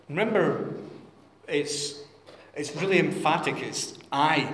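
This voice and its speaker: A pastor giving a sermon and reading scripture in an earnest, measured, prayerful way. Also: male voice, on the high side, expressive, fairly bright tone. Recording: echoey hall with long reverb.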